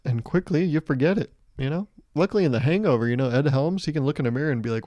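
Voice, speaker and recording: Mellow-voiced young man rambling on a podcast. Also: fairly high pitch, quick pace, no room sound. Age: 20s. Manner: rambling, joking, self-mocking with acted-out quotes. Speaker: podcast host. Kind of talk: casual solo podcast monologue.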